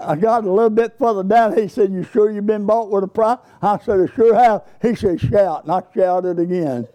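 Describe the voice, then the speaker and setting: A man's voice: high voice, brisk. A man preaching a sermon, telling folksy stories and rising into bursts of praise. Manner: folksy storytelling, rising to exuberant shouts of praise. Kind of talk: sermon with storytelling.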